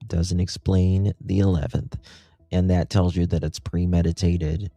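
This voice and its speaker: Male livestream host, deep mellow voice, dry close sound, ponders aloud. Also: little pitch movement, measured pace, no room sound, faint music behind. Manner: musing, thinks aloud with rhetorical questions. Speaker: true-crime livestream host. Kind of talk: casual livestream commentary.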